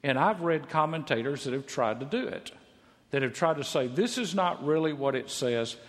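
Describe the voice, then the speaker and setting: A man preaching a sermon, emphatic, repeating key phrases for stress. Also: a little high. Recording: long reverb of a large hall.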